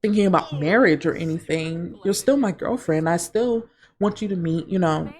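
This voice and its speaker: A woman's voice: on the low side, expressive, moderate pace, darkish tone, close to an everyday voice. A woman voicing a young adult man, an earnest, hurt boyfriend, as she narrates a life-sim game. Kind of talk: voicing game characters in commentary.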